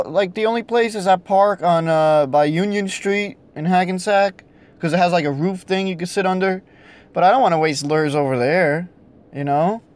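Guy with a high voice ranting and cussing at his phone game, kinda hoarse. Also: a little mellow. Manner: swearing, frustrated, talking to himself. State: losing his voice. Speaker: vlogger playing a mobile game. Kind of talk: casual vlog commentary.

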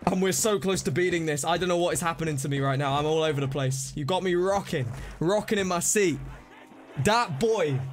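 A man streaming a zombie game live, reacting excitably, scolding himself and thanking donors. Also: on the high side, brisk. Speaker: livestreamer. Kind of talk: live gameplay commentary. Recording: music playing behind voice. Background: game music and gunfire.

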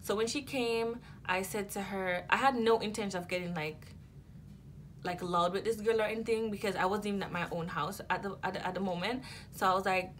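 A woman telling a casual storytime to her channel, animated and rambling, with many fillers and restarts. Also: on the low side, fairly quick, a little hiss or hum.

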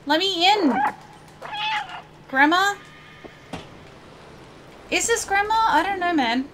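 A woman's voice: very high-pitched, expressive, slow pace, noisy background. A woman giving casual let's play commentary, chatting to viewers and swearing at game characters.

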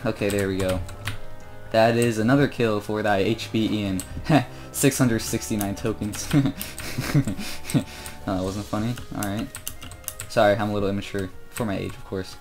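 A sixteen-year-old boy chatting casually through his own gameplay, joking about himself and growing loud and excited when he fights. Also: fairly low pitch. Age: teens. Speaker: gamer commentating his own play.

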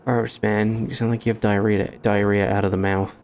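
A man's voice: on the low side, level tone, normal speed, a little mellow. A young Australian man with an Australian accent giving jittery, swearing gaming commentary as a streamer, with nervous laughter.

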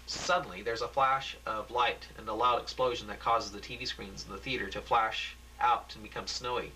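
Man reading a script haltingly. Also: lowish voice, fairly even intonation, sharp tone, a little hiss or hum, rough recording. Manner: halting, with restarts and corrections. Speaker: reader performing his own script.

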